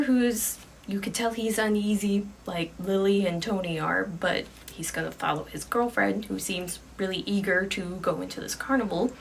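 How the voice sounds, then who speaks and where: A woman narrating an improvised ghost story in a casual, chatty way, sometimes dropping into hushed asides. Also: medium pitch, vocal fry, a little hiss or hum.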